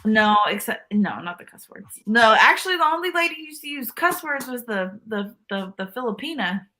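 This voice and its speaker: A woman's voice: fairly high pitch, big pitch swings, normal speed, sharp tone. A woman guest on a podcast telling a rambling story with lots of fillers and restarts. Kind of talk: casual chat.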